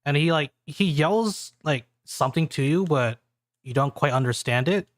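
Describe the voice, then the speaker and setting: A man's voice: a little high, animated, moderate pace, dry recording. Chatty male game master. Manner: loose, chatty narration full of fillers. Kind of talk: narrating a tabletop game.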